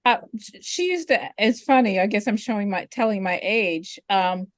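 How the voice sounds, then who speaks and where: A woman's voice: medium pitch, moderate pace, no echo. A woman, a former teacher, chatting on a video call about people she knew years ago. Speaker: retired teacher, guest. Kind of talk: casual conversation on a video call.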